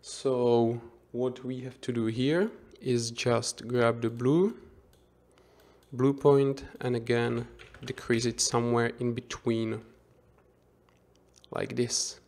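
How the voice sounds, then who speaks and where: A man giving an unscripted software tutorial as instructor, thinking aloud with frequent restarts and self-corrections. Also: mid-range voice, flat delivery, slow. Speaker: 3D visualization instructor.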